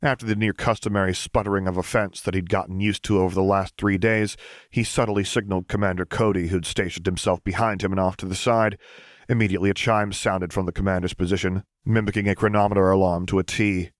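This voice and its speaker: A man narrating fan fiction as an audiobook reader, in a steady, measured way. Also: deep voice, dry recording.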